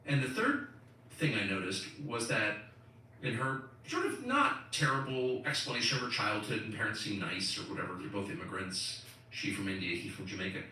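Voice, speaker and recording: A middle-aged man hosts a live commentary chat, his bright voice swinging widely in pitch. He talks in incredulous, emphatic bursts. The sound is echoey and picked up from some distance. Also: lively intonation, normal speed, slight background noise. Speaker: host.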